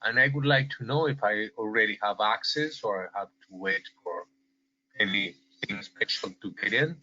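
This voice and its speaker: Bright-voiced man with a mixed accent. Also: lowish voice, moderate pace. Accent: mixed Israeli and South American. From Israel, lived in South America. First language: Hebrew or Spanish. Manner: friendly, hesitant, laughs easily. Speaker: caller. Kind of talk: casual video call chat. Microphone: video call. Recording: dull lo-fi call audio.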